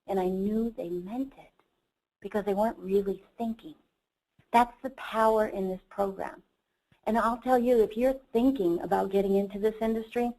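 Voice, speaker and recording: A woman's voice: mid-range voice, steady tone, normal speed, mellow, poor audio. A middle-aged woman, a company CEO, giving a motivational seminar talk and telling an earnest personal story.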